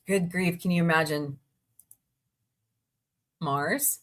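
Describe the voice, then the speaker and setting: A woman's voice: fairly low pitch, slow pace. A woman hosting a casual live chat from the United States, chatting and reacting aloud as she reads out headlines and greets viewers. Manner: chatty, reacts aloud while scrolling, frequent laughs. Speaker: livestream host.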